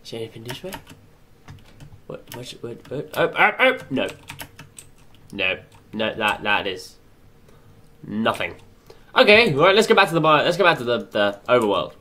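A young man doing excitable let's play commentary, chattering to himself and swearing often. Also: mid-range voice, moderate pace, long pauses. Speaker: gaming channel host.

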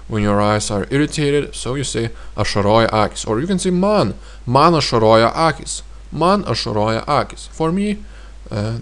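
A man teaching a language lesson, repeating each phrase several times and explaining it in a relaxed, thinking-aloud way with frequent fillers. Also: mid-range voice.

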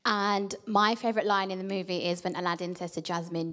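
A woman's voice: fairly low pitch, fairly even intonation, normal speed. Playful woman quizzing a press audience. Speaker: actress on a press panel. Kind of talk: press conference remarks. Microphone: handheld microphone.

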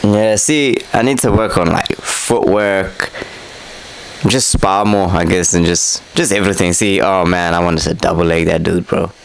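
A man's voice: deep voice, steady tone, measured pace, creaky, a little hiss or hum, low-quality recording. A young man casually narrating over footage of his own boxing fight, candid and self-critical, swearing freely. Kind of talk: casual fight breakdown commentary.

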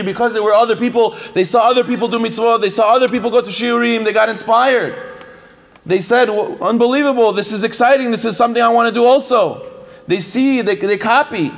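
A man giving a lively sermon, telling stories and acting out the people in them with repeated phrases. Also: sits high. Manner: animated, repetitive phrasing, acts out quoted voices. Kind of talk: sermon with storytelling.

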